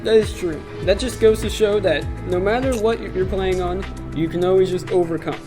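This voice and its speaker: A young man doing deadpan, joking play-by-play commentary for an amateur game tournament. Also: high voice, normal speed. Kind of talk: joking esports commentary over gameplay. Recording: game music under the voice.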